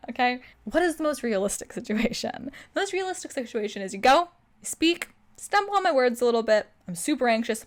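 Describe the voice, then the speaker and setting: A young woman hosting a self-improvement show, giving animated motivational advice and acting out her own inner voice. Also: a little high. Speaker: self-improvement podcast host.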